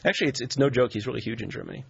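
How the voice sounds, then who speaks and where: Man, talk show host, sarcastic, gravelly, husky, lo-fi sound. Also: medium pitch, big pitch swings, very fast. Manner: joking, sarcastic, laughs often. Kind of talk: casual talk show chat.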